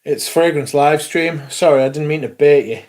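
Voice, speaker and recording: A young British man chatting on a casual livestream, sweary and excitable. His voice sits a little higher than most men's, and he rattles on to his viewers with loose, bursting energy. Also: normal speed. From Britain. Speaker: livestream host.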